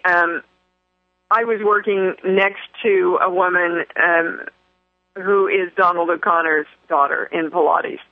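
A woman's voice: lowish voice, dry recording. A woman hosting a spiritual talk radio show, speaking effusively with many fillers and restarts. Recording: tinny phone-line radio broadcast.

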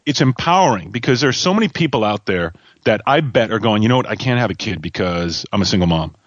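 A man's voice: lowish voice, lively intonation, fast, no echo. Talkative man, muffled and dry. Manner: rambling, many "you know" fillers. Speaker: host. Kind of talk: casual chat.

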